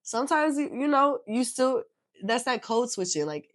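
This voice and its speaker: A young woman with a deep, raspy voice, co-hosting a casual podcast chat, lively and swearing freely. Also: normal speed, no echo, clean studio sound. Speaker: podcast co-host.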